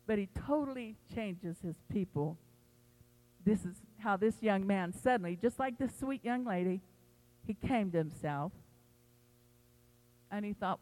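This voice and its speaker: A woman pastor preaching a sermon, telling the story with animated quoted voices. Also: medium pitch, in a large hall, rough recording.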